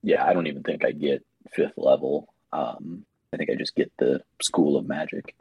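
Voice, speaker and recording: Man, low husky voice, lively pitch, dull lo-fi mic, casual player. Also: normal speed, no echo. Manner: casual, hesitant. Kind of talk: casual tabletop play.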